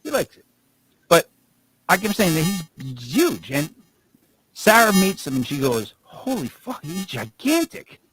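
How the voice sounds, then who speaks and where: A man's voice: on the high side, sing-song, measured pace, long pauses, fairly bright tone, slight background noise, poor audio. A man co-hosting a podcast, rambling through casual stories and laughing as he talks. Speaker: podcast co-host.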